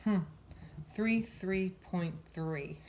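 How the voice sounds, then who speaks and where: A woman's voice: lowish voice, very slow. Breathless chatty woman reading tarot. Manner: chatty, many fillers, thinks aloud. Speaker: tarot reader. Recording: loud background noise.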